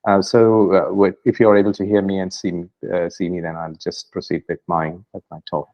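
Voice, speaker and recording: A man's voice: low voice, flat delivery, a little fast, dull audio. A middle-aged man with an Indian accent giving an online medical lecture, hesitant with many fillers and restarts. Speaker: doctor giving a guest lecture.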